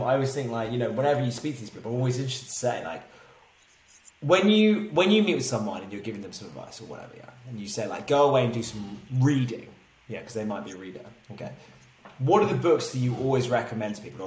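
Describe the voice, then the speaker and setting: A man's voice: mid-range voice, fast talker. Man, podcast host, casual banter, teasing, echoey room, faint background noise. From Britain. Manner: jokey, teasing, animated banter.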